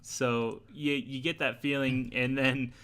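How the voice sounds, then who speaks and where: A man's voice: mid-range voice, level tone, slow pace, a bit bright, clean tone. A man co-hosting a casual podcast, wryly retelling scenes and quoting the characters. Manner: wry, retells scenes with put-on quotes. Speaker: podcast co-host. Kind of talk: casual chat.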